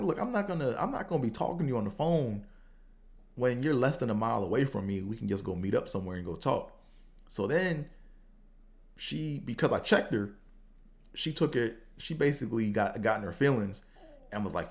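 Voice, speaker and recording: A man hosting a podcast, telling a casual story in a slangy, profane way and acting out both sides of the conversations with big jumps in pitch. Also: brisk. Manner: animated, acts out quotes with big pitch jumps. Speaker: podcast host.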